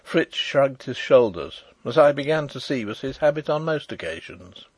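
A man narrating an audiobook chapter in expressive storytelling style. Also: medium pitch, moderate pace, hardly any pauses, slightly rough, no room sound. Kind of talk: scripted narration.

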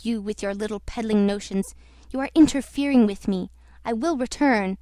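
A woman's voice: mid-range voice, moderate pace, no room sound, clean studio sound, lightly acted. A woman reading aloud, voicing a sick, furious man who rages at those around him. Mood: angry defiant. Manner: shouting, defiant. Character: ailing, furious man ivory trader.

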